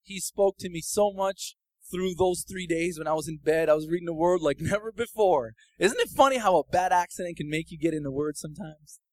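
A man giving a casual, personal sermon testimony that builds into fervent, loud preaching. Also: high-pitched, fairly quick, few pauses, no echo, low-quality recording.

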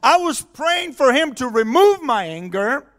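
A man's voice: very high-pitched, very animated, measured pace, fairly bright tone. A man preaching a sermon in a conversational way, chuckling often and asking the audience questions.

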